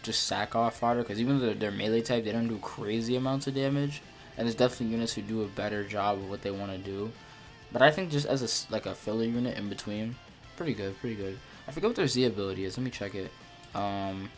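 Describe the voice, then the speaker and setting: A young man giving unedited, casual commentary on a mobile game, rambling with many restarts, repeated words and fillers. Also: lowish voice. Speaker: gacha game video creator.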